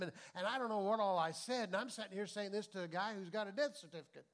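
Man, pastor, sermon, high voice, folksy, shifts from hushed to loud. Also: fast, hardly any pauses. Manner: swings between soft confiding and loud preaching; folksy and conversational.

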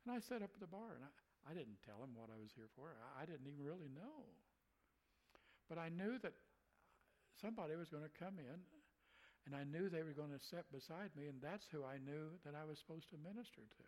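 A man's voice: on the high side, animated, a little fast, a little mellow, poor audio. A man, a preacher, telling a story in a folksy way, chuckling and acting out what people said. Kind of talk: telling a personal story in a conversation.

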